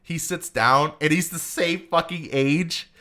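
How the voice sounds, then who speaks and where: A man co-hosting a movie podcast, retelling scenes in a loose, swearing, animated way and acting out the characters' lines. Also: on the high side, unhurried. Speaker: podcast co-host. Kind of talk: casual movie review chat.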